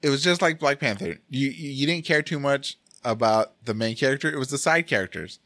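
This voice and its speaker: A man hosting a casual podcast chat about a film, animated and rambling, laughing often. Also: mid-range voice, brisk, no room sound, studio quality. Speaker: podcast host. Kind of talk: casual movie review chat.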